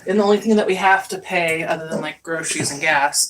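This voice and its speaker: A woman chatting casually with her partner in a relaxed, matter-of-fact way, from across the room. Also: low-pitched, fast talker, recorded from a distance, low-quality recording. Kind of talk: casual chat. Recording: off-mic with faint noise.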